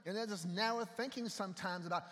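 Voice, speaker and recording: A man's voice: high-pitched, fast talker, a bit bright. A man preaching a sermon in a conversational way and bantering with the congregation, heard in an echoey hall. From United States. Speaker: pastor.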